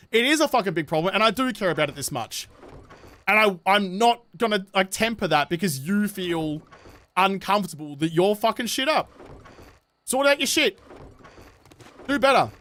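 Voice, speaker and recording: A man's voice: sits high, lively intonation, a little fast, a bit bright. A man with a New Zealand accent, streaming a game and chatting casually, swearing often and ranting passionately. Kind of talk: casual livestream chat while gaming.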